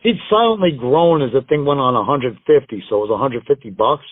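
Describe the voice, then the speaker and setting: A man's voice: mid-range voice, very animated, brisk, no room sound. Male guest, rambling storyteller who swears freely and acts out others' lines, heard through a tinny, dry phone line. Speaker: wrestling guest telling road stories. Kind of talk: casual storytelling interview.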